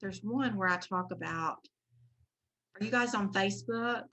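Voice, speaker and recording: A woman's voice: mid-range voice, a little slow, sharp tone, poor audio. A woman leads an online session for teachers in a chatty, enthusiastic way. She talks her way through her slides and recommends activities as she goes. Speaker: teacher trainer presenting. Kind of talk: online presentation.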